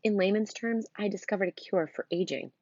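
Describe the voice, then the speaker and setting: A cranky, self-important old scientist stuck in a thirteen-year-old boy's body, as a woman reading a storybook aloud puts him on. He talks indignantly and grandly, with a raised, raspy voice. The recording sounds dull and lo-fi. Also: medium pitch, fairly quick, a little mellow, no echo, voice pushed up, natural voice. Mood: haughty.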